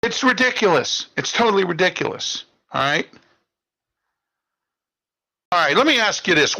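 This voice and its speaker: A man's voice: high voice, sing-song, moderate pace, long pauses, pushed and bright, rough recording. A man, hosting a talk show and delivering an indignant political monologue, ending phrases with "okay?". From Pittsburgh area. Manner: ranting, indignant, repeats "okay?" and "all right?".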